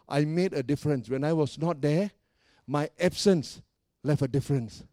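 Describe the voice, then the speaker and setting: Full of excitable energy, this high-voiced pastor cracks playful jokes in his sermon and keeps prompting the congregation for a response. His pace is a little fast. The recording is close and dry, with little room and no echo.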